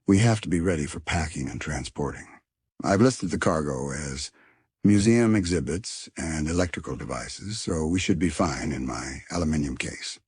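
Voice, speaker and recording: A man's voice: extremely low pitch, lively intonation, moderate pace, darkish tone, breathy edge, dry recording, studio quality, exaggerated voice. A man voicing Arthur, an earnest and worried young male rat, in a storybook reading.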